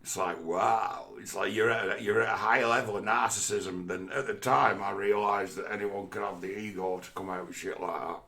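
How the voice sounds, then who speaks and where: A man's voice: lowish voice, fairly even intonation, normal speed, hardly any pauses, bright, forceful tone. A man in a casual, rambling monologue, swearing often and talking conversationally.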